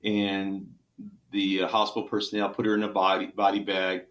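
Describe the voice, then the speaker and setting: A middle-aged man from Texas with a Texan accent, a trauma surgeon telling an emotional story in an interview, earnest and halting with restarts. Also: low voice, completely flat delivery, a bit bright.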